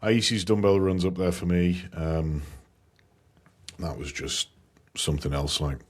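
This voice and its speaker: Laid-back low-voiced man chatting. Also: measured pace. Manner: laid-back, swears, rambling with fillers. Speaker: podcast co-host and commentator. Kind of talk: casual chat.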